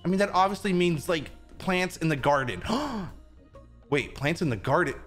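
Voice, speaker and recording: A young man giving animated, goofy commentary while he plays a video game. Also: a little high, moderate pace, soft background music. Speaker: gaming video host. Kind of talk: excited gameplay commentary.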